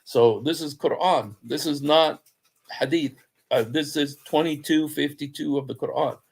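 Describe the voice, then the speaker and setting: A man's voice: fairly high pitch, measured pace, vocal fry, darkish tone, husky. A man giving an informal talk on scripture, telling the story conversationally and acting out the quoted speech of the people in it. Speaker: Christian apologist speaker.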